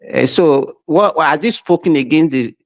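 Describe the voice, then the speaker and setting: A man's voice: on the high side, normal speed, no room sound, highs cut off. A man on a talk show panel, challenging another guest and hesitating with "eh". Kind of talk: live talk show discussion.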